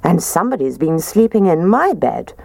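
Woman doing a sweet welcoming mummy bear, lively voice. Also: fairly low pitch, normal speed, vocal fry, no room sound, heavily acted. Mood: kindly.

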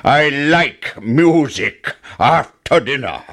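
A man doing a booming wicked giant. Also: animated, fairly bright tone. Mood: demanding. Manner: slow, booming chant. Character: huge wicked male giant, gruff and menacing.

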